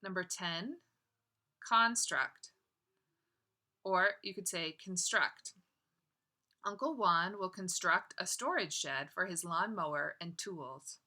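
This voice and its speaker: A woman teacher dictating a spelling test, saying each word, using it in a sentence, then repeating it deliberately. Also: on the low side, expressive, pushed and bright. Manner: affectionate toward students.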